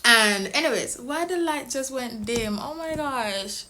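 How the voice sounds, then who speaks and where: A young Jamaican woman vlogger telling a story to the camera in a casual, excitable way. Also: on the high side, a little slow. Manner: excitable, animated, laughs often.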